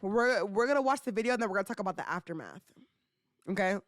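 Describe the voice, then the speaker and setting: A young woman hosting a casual commentary podcast, talking in slangy, animated bursts full of rhetorical questions and teasing. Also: medium pitch, quick pace, no echo, clean studio sound. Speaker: podcast host.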